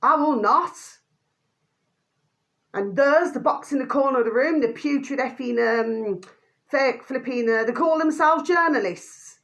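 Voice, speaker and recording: A woman rants angrily to her vlog viewers in a monologue to camera, swearing mildly and repeatedly addressing them by a pet phrase. Her voice sits high, and she speaks at a moderate pace.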